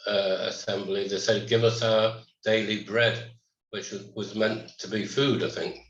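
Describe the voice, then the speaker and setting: A man's voice: on the low side, little pitch movement, unhurried. A man taking part in a Bible class, tentatively sharing what he remembers. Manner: tentative, recalls from memory. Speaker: class participant. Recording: roomy, dull audio.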